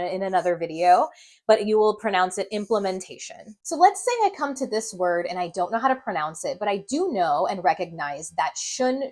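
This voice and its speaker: A woman gives a reading lesson at a mid pitch. She walks through long words step by step and sounds out each syllable slowly and deliberately. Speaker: reading teacher. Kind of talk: instructional video lesson.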